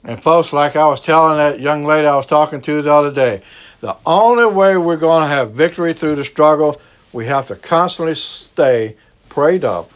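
A man with a Cajun accent from the American South, preaching a sermon with emphatic repetition and sudden low, slow drops for emphasis. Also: muffled recording. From Southern United States. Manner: emphatic preaching, repeats key phrases, drops to a low slow hush for stress. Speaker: pastor.

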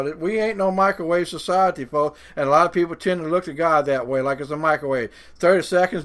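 With a fairly high pitch and a fairly bright tone, he gives a folksy sermon. He ridicules doubters in a put-on voice and slows down, pausing dramatically, to emphasize the verses he reads.

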